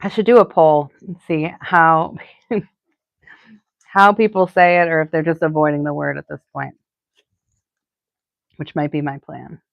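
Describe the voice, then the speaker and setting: A middle-aged florist with a Boston accent hosts a live crafting stream, rambling casually with lots of fillers. Her voice is low, a little slow, and fairly even, with vocal fry and long pauses. The recording is dry and dull.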